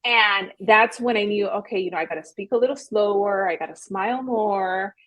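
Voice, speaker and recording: A woman's voice: mid-range voice, fairly bright tone, poor audio. A young adult woman, a real estate agent, talking candidly and earnestly as a podcast guest. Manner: earnest, candid, talks fast. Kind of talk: podcast interview.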